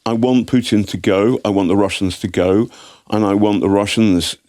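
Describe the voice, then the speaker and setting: British male guest, very deep voice, firm, dry studio sound. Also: steady tone, normal speed, a little mellow, dry recording. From Britain. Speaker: guest journalist. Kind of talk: studio interview.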